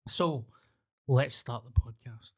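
A man's voice: medium pitch, slow, darkish tone, breathy edge. A man with a Scottish accent co-hosting a podcast, chatting casually, blunt and jokey, swearing freely. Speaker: podcast co-host. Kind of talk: casual chat.

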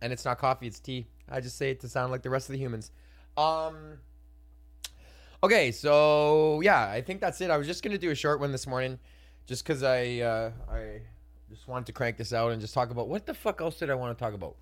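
A man's voice: mid-range voice, a little fast. A young man hosting a casual solo podcast, ranting, swearing freely and laughing as he acts out customers in voices. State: hiccuping. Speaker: podcast host and comedian.

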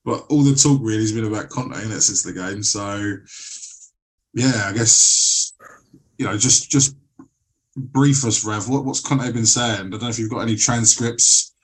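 A man's voice: fairly low pitch, moderate pace. A man hosting a casual football podcast, rambling and swearing freely. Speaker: podcast host. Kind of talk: casual chat.

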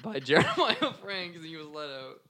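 A man co-hosting a comedy podcast, telling absurd stories in a deadpan, slangy way. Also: a little high, normal speed, dry recording. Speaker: podcast co-host. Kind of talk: comedic banter.

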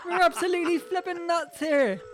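A man voicing an excitable male health food shopkeeper in a comedy sketch, manic and shouting. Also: very high-pitched, brisk, pitched above the performer's own voice.

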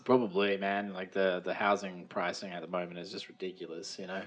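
A man's voice: sits low, little pitch movement, a little fast. A man co-hosting a podcast in casual, jokey banter, rambling with frequent restarts. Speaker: podcast co-host.

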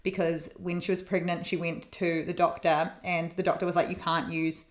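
A woman with a New Zealand accent co-hosting a podcast, talking in a relaxed way and laughing easily. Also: fairly low pitch, normal speed. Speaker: podcast co-host, magazine editor. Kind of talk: casual chat. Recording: roomy echo.

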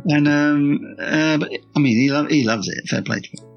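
A man's voice: on the high side, normal speed, vocal fry, dull audio. A man, an author and screenwriter, tells stories in an interview, rambling through restarts and fillers and repeating his praise. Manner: rambling, with many restarts and "you know" fillers; enthusiastic, repeating words of praise. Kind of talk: candid interview storytelling.

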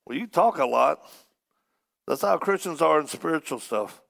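A man with a gravelly, slightly rough voice preaches to a church congregation. He tells a story with humor and animation, acting out each person in it. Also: on the high side, moderate pace. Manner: animated, acts out the people in his stories. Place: church service before a congregation.

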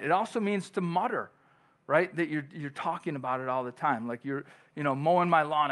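A pastor preaching a conversational sermon in church, often checking in with "right?" and acting out the questions of churchgoers. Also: male voice, on the high side, a bit bright. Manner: acts out quoted voices of churchgoers.

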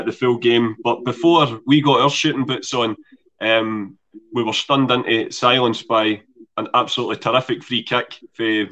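A man's voice: medium pitch, sharp tone, low-quality recording. A man hosting a podcast, easygoing and recapping with frequent fillers. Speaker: podcast host. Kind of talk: casual chat.

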